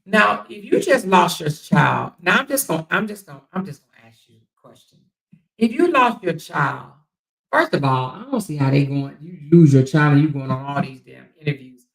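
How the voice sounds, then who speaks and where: A woman hosting a casual livestream, talking straight to her viewers in an animated, incredulous way. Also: low-pitched, moderate pace, vocal fry, poor audio. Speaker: livestream commentary host.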